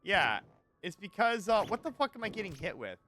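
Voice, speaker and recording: A man streaming a game live with friends, animated and quick to laugh and swear. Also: sits high, a little hiss or hum. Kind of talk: live gaming stream chat. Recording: game music in the background.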